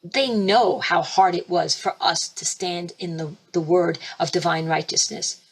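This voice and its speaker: A woman spiritual teacher hosting a webinar, talking emphatically and fervently, with sudden leaps in pitch and loudness. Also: a little slow, breathy edge. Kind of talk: impassioned preaching webinar talk. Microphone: computer mic for a webinar.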